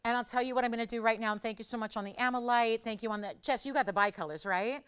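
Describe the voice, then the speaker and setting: A woman hosting live jewelry shopping, chatty and upbeat, pitching deals and reading out viewer messages. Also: rapid-fire, fairly bright tone, clean tone. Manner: pushes deals with "I'll tell you what".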